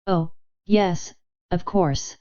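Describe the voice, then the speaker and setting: A woman's voice: fairly low pitch, fairly even intonation, extremely slow, dark tone, smooth, muffled recording. A woman playing a gushing, flustered young lady. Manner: gushing, breathless babble. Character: young American woman feigning silly, flustered helplessness.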